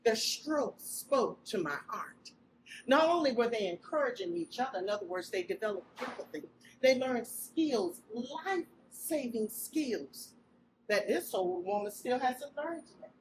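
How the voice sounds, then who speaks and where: A woman's voice: mid-range voice, moderate pace, distant mic. A woman giving an emotional inspirational speech, telling a story expressively to an audience. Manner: expressive storytelling, breaks into loud cries when acting out quotes. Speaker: speaker sharing a story with an audience. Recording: speech recorded with steady background noise.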